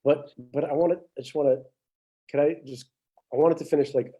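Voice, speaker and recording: Podcast guy, really deep dark tone, tells stories and laughs a lot. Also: a little fast, slightly rough. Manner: animated storyteller, laughs often. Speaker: podcast co-host. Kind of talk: casual chat.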